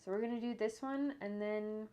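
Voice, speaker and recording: A woman's voice: medium pitch, fairly even intonation, normal speed, warm tone, highs cut off, slight background noise. A woman animator casually narrating her work as she goes, thinking aloud with jokey asides and humming to herself. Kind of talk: casual narration while working on screen. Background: faint computer keyboard typing and clicks.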